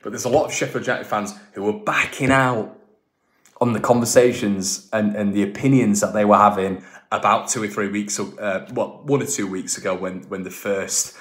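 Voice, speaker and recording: A man's voice: on the low side, fairly even intonation, normal speed, a bit bright. A man hosting a football fan channel, talking casually and emphatically and often repeating himself and restarting lines.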